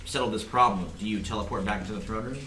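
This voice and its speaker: A man narrating a tabletop game as game master, playful and quick to laugh. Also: on the low side, fairly even intonation, pushed and bright, reverberant, a little hiss or hum.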